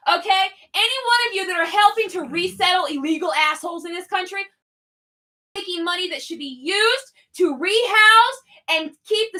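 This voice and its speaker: High, bright-voiced woman on a profane rant. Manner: angry, sarcastic, swearing constantly, often shouting. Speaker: podcast co-host.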